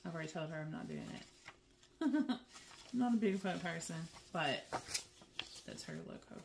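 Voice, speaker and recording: Lady in her middle years chatting on her stitching vlog, lots of laughs, kinda low voice. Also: moderate pace, creaky, noisy background. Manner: chatty and animated, laughs often, says "girl" and "y'all". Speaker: flosstube host.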